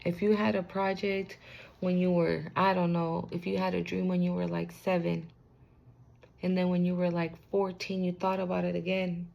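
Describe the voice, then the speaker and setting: Gravelly low-voiced woman giving a casual reading. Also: level tone, moderate pace, lo-fi sound. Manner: loose and slangy, swearing, talking straight to the viewer. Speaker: spiritual card reader. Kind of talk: casual spiritual reading to camera.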